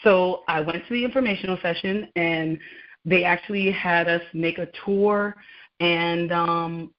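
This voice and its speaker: A woman's voice: lowish voice, measured pace. Woman guest telling her story on a radio show, lots of laughs and acted-out bits, kinda muffled audio. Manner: animated, laughs often, acts out dialogue. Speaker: guest, laboratory scientist. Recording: muffled lo-fi sound.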